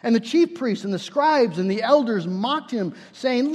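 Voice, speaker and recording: A man's voice: high voice, moderate pace, few pauses, a little mellow, in a large hall. A man preaching a sermon, earnest and building to fervent emphasis, often restarting his phrases.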